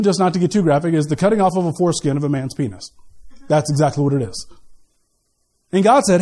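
Male pastor, high-pitched, preaching an animated sermon with humorous asides. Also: quick pace, long pauses. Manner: animated preaching with asides and laughter, swinging from loud to quiet.

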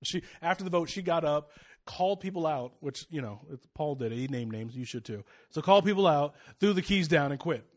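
An expressive male preacher, slightly high in pitch and slightly fast, shares a personal story from the pulpit. He alternates between loud, swelling exhortation and quiet, confiding asides.

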